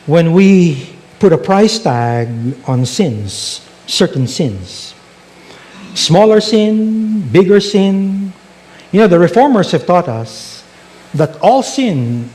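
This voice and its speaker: A man's voice: on the high side, a little mellow. A male pastor preaching a sermon, telling stories and asking rhetorical questions.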